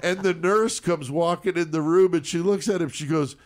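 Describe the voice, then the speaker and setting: A man, co-hosting a podcast and telling a profane story in a lively way, and he mimics the voices of the people in it. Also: a little high, normal speed, hardly any pauses. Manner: animated, profane, mimics voices in his stories. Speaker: podcast co-host. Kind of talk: casual storytelling.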